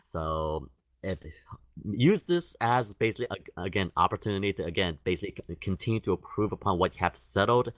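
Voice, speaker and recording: Man, low voice, halting casual podcast talk, dry sound. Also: lively intonation, no room sound. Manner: halting, restarts phrases. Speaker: podcast co-host.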